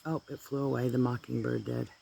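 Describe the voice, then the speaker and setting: Gravelly, allergy-stuffy man chatting outdoors. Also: medium pitch, little pitch movement, a little fast, dark tone, a little hiss or hum. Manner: rambling, easygoing, drifts into asides. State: congested from allergies. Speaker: vlogger. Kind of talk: casual chat. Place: outdoors in a garden.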